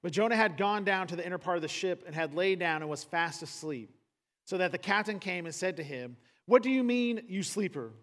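A man preaching a conversational sermon, acting out the people in the story and building to loud, emphatic peaks. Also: sits high, a little fast. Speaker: pastor. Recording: long hall reverb.

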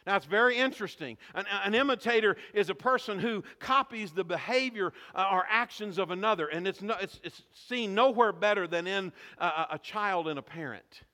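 A man's voice: sits high, lively intonation, fairly quick, hardly any pauses, pushed and bright, big-room sound. A man preaching a sermon as pastor, asking the congregation questions and calling for responses.

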